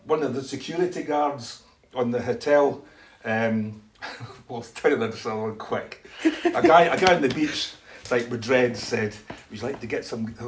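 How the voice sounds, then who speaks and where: A man telling a church testimony as a story, acting out both sides of conversations and laughing often. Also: mid-range voice. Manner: animated, acts out dialogue, laughs often.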